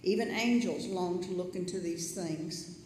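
A reader giving a measured, formal scripture reading aloud in a church. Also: mid-range voice, darkish tone. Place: church sanctuary. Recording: roomy church echo, faint background noise.

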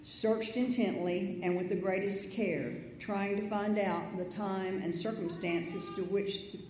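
A reader giving a measured, formal scripture reading aloud in a church. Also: medium pitch, steady tone. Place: church sanctuary. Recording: roomy church echo, faint background noise.

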